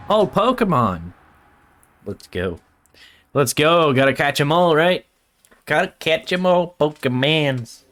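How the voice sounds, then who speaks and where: A man's voice: a little high, big pitch swings, slow pace, long pauses, a bit bright. A man giving casual let's-play commentary, full of profane, joking, playful asides. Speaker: gaming streamer.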